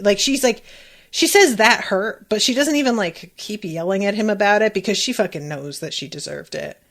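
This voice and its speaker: Chatty animated woman podcast host. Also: mid-range voice. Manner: chatty, animated, swears freely. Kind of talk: casual reaction commentary.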